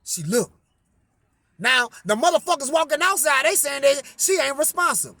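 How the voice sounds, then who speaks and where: A man's voice: extremely high pitch, lively intonation, normal speed, creaky, sharp tone, no room sound. A man telling a personal story in a profane, emphatic way, framing each quote with "I say". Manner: repeats "I say" to frame quotes, emphatic.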